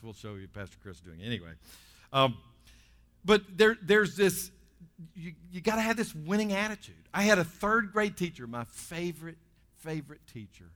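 A pastor delivers a sermon to his congregation, his voice at an ordinary middle pitch. He swings from loud, lifted bursts down to quiet, low asides.

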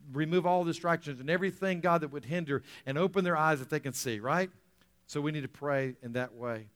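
A man preaching a sermon as pastor, telling a story with acted-out quotes and repeating phrases for emphasis. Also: mid-range voice. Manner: storytelling, acting out quoted voices, rising to emphatic peaks; repeats phrases, frequent "right?" checks with audience.

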